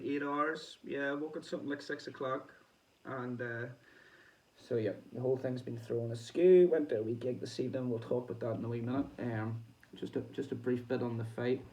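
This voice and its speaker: Chatty Northern Irish man, distant mic. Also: medium pitch. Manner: rambling, chatty, laughs often. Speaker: boxing vlogger. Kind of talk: casual diary-style vlog. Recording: distant mic with faint background noise.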